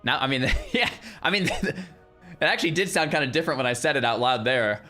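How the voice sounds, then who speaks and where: A young man streaming, chatting casually with his viewers in an animated way, with lots of restarts and loud exclamations. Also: medium pitch, brisk, faint music behind. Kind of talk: casual livestream chat with viewers.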